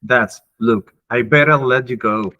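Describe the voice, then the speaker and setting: A man's voice: medium pitch, a little slow, pushed and bright. Hesitant male student, dull audio. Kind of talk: reading practice dialogue in class.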